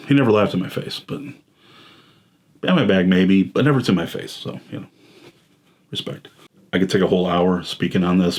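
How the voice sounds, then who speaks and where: Deep husky man, short of breath. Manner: self-deprecating, blunt, wry. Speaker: filmmaker and host. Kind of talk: candid personal monologue.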